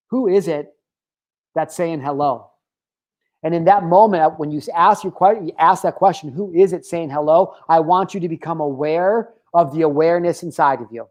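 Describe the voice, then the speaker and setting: A man in his thirties speaks as host of his own motivational talk. His voice sits a little higher than most men's, and he talks candidly, swears freely and wanders into tangents with plenty of filler words. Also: a little mellow. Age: 30s.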